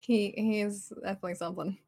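A woman's voice: mid-range voice, steady tone, fast talker, dark tone. A woman chatting casually on a livestream podcast, playful and giggly, often stumbling into restarts. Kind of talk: casual chat.

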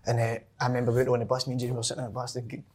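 A man's voice: medium pitch, monotone, rapid-fire, a little mellow, breathy edge. A Scottish man hosting a podcast, telling chatty, giggly dressing-room stories. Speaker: podcast host. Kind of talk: casual podcast chat.

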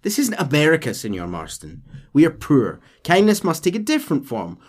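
A sly, smooth-talking army captain, read aloud by a man in his own voice with no accent put on. The delivery sits a little above his usual pitch and rises and falls with lively, animated swings. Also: a little fast. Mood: persuasive.

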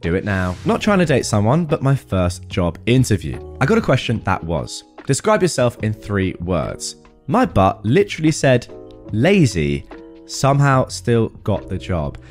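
A man's voice: medium pitch, normal speed, hardly any pauses. A man reading reddit posts aloud and adding wry comments, with faint music behind him. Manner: wry, animated commentary with frequent laughs. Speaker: reddit storytime host.

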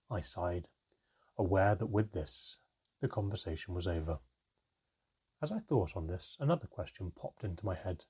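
A man reading a first-person fantasy story aloud in an expressive storytelling manner. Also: low voice, normal speed, husky. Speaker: audiobook narrator.

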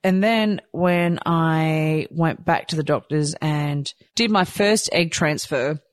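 A woman's voice: sits low, slow, no room sound, clean studio sound. A woman, candidly telling a personal story and acting out her own thoughts. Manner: animated, acts out her own quoted thoughts. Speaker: storyteller sharing a personal experience.

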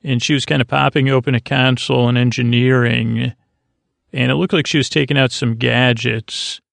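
A man talks through an episode recap in a slow, rambling way that keeps stalling on fillers and restarts. His voice is gravelly with little rise and fall, and the close microphone sounds dry. It suits a drowsy podcast. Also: mid-range voice, level tone, fairly bright tone, dry recording. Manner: meandering, filler-heavy, halting. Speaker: podcast host.

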